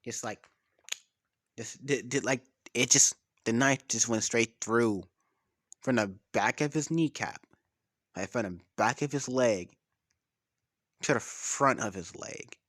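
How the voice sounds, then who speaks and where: A man's voice: mid-range voice, slow, long pauses, fairly bright tone. A man casually making up a story as he goes, rambling, swearing and losing track of names.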